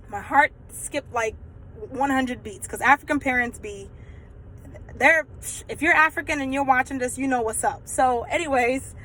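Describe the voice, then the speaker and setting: A young woman with a fairly high voice tells a personal story to her vlog audience. She talks in a casual, animated flow, leaning on lots of fillers as she goes. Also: normal speed, poor audio. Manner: chatty, animated, many fillers. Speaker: vlogger.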